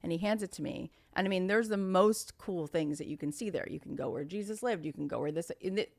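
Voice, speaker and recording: A middle-aged woman, a podcast guest and author, telling a personal story in casual conversation, animated and earnest, acting out other people's lines. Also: on the low side, quick pace. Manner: earnest, spiritual reflection.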